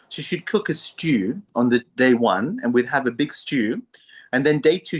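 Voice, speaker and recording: This is a man in the middle range of pitch, a guest on a conversational podcast. He tells stories with energy and laughs often as he talks. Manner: animated, laughs often while telling stories. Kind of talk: storytelling in conversation.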